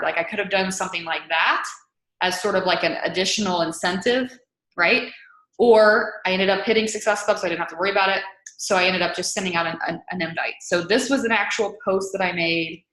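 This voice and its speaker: A woman's voice: fairly low pitch, fairly bright tone. A young woman giving a casual webinar on marketing as a fitness coach, chatty and full of "like" and "right?". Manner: chatty, fills talk with "like" and "right?". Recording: echoey room.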